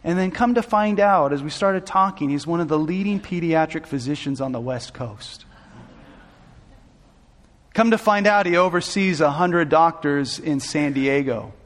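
Here the Southern California pastor speaks at a normal speed with a fairly high pitch, recounting a personal story with feeling. As his intensity rises he restarts phrases, all under long hall reverb in this sermon storytelling.

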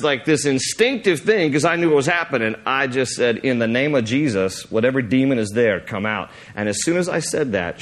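A male pastor tells a story in a sermon, rambling through fillers and restarts. He acts out the scene as he goes, and his mid-range voice leaps up high whenever the story excites him.

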